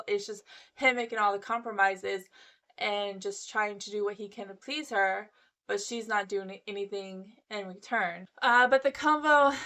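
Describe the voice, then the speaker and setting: A woman's voice: mid-range voice, sharp tone. A woman giving a casual, gossipy recap of a reality show, chatting freely and acting out what people said. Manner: chatty, gossipy, acts out quotes. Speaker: recap vlogger.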